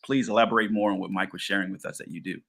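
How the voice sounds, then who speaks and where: A man co-hosting an interview, talking fast in a lowish, bright voice. He is effusive and encouraging and often repeats his words. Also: steady tone, vocal fry. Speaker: co-host. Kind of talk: podcast interview.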